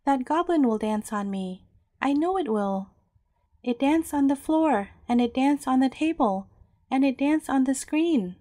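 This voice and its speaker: Timid boy pupil, high and nervous, a woman putting him on for a bedtime storybook. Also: animated, unhurried, mellow, no echo, studio quality. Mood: frightened. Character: frightened young boy pupil.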